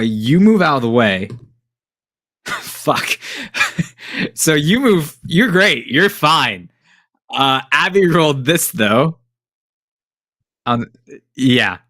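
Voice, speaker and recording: Man as game master for a tabletop game, slow and bright, dry close sound, casual with lots of ums. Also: medium pitch, dry recording. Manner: casual, hesitant, with many fillers and chuckles.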